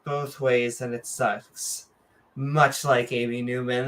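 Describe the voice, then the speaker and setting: A woman's voice: a bass voice, flat delivery, takes it slowly. A woman co-hosting a casual livestream chat, joking and sarcastic, with mock-announcer asides. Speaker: podcast co-host.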